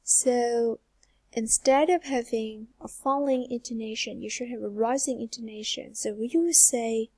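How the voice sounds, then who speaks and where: A young woman gives an English pronunciation lesson at an unhurried pace. Her voice is slightly raised in pitch with a husky edge. She repeats each example phrase slowly to demonstrate it. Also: fairly even intonation, a little mellow, dry recording. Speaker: English teacher. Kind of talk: slow, careful pronunciation lesson.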